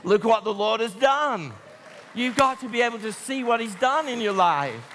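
A man's voice: extremely high pitch, animated, moderate pace, a bit bright, some chatter behind, a little hiss or hum. A man preaching a conversational sermon to a large congregation, often asking rhetorical questions. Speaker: pastor. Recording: long church hall reverb.

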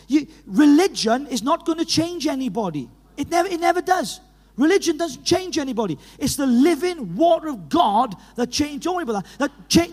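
A middle-aged man with a Welsh accent from Llanelli, preaching an animated evangelistic sermon in a church hall, full of stories and urgent calls. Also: very high-pitched. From Wales. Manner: animated, storytelling with laughs, rising to urgent calls. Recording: reverberant hall.

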